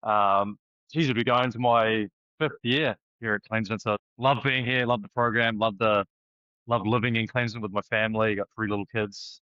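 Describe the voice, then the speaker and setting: A man's voice: on the low side, steady tone, normal speed, sharp tone, clear, resonant tone, no echo. A man in his forties with a New Zealand accent, a rugby coach chatting easily as a podcast guest, often restarting his sentences. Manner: easygoing and chatty, with many restarts. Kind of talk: casual interview chat. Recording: dull lo-fi, dry sound.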